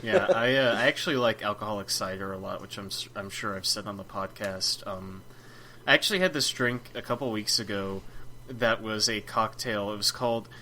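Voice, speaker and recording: A man's voice: lowish voice, a little fast, pushed and bright, slight background noise. A man co-hosting a gaming podcast, joking and laughing through his lines. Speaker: podcast co-host. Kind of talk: casual podcast banter.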